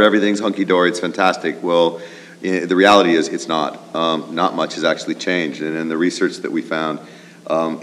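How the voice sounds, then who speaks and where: A male actor talking in an interview in a rehearsal hall. He explains quickly and with emphasis. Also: a bass voice. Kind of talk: casual interview.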